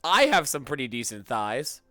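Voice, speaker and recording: A man streaming a roleplay game, joking crudely and loudly in casual banter with a hoarse voice. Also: medium pitch, very animated, normal speed, dry recording, studio quality, soft background music.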